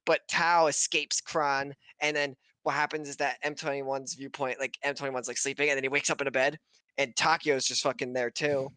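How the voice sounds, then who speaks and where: A man's voice: mid-range voice, level tone, pushed and bright, clean tone, dry recording. A man co-hosting a podcast stream, recapping an episode in a casual, swear-filled ramble, laughing and briefly mimicking characters. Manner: swearing, laughing, acting out characters in quick voices. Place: home setup on a stream.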